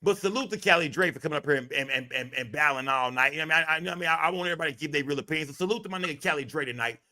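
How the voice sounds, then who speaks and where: A man's voice: a little high, rapid-fire, bright, forceful tone. Brash, emphatic man ranting on a livestream. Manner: profane, emphatic, repetitive. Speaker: livestream host. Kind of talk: heated livestream commentary.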